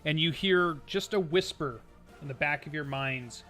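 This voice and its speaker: A man with a bright, forceful voice sits a little high in pitch as he runs a tabletop fantasy game. He narrates the battle steadily and calls each player's turn. His tone stays clear and energetic. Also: a little slow, soft background music. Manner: descriptive, calmly narrating scenes. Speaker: dungeon master.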